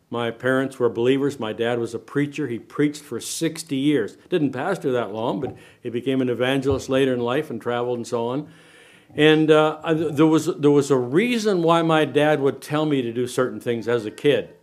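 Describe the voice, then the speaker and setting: An older man preaching a sermon to a church congregation, animated, asking the room questions and swinging between loud and quiet. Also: medium pitch. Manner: animated preaching, asks the room questions, varies loudness a lot. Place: church sanctuary.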